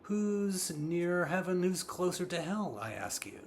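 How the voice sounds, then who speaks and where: A man's voice: high-pitched, very animated, unhurried, a little hiss or hum, pitched above the performer's own voice, full character voice. A man voicing a mocking male monkey who lectures a human from the treetops, full of rhetorical questions and ums. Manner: scolding, rhetorical, hesitant with ums.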